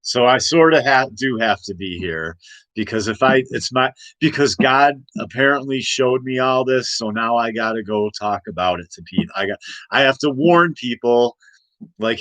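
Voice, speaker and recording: A man's voice: medium pitch, unhurried, fairly bright tone, no echo, poor audio. A man ranting in a casual livestream, rambling and emphatic with many restarts. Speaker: livestream host. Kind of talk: casual political rant. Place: home room.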